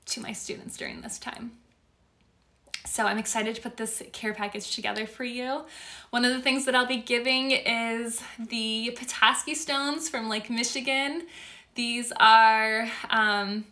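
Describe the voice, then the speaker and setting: A woman's voice: a little high, bright, forceful tone. Emotional, gushing young woman hosting a live chat. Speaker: spiritual course creator. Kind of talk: casual live-stream chat.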